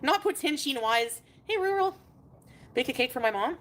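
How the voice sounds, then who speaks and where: A woman's voice: sits high, expressive, moderate pace. A woman chatting casually on a livestream and greeting her viewers one by one by name. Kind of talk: casual live stream chat.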